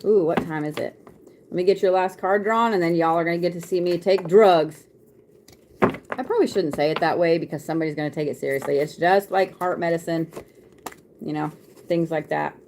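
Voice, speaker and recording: A woman's voice: on the low side, brisk, background noise. Chatty woman card reader. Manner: chatty, laughing, swearing freely. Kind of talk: casual live-stream chat.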